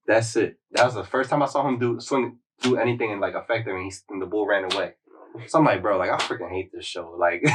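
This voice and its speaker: A man's voice: sits low, distant mic, noisy background. A man hosting a podcast, casually retelling a story in a slangy, rambling way with lots of "like.". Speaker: podcast host.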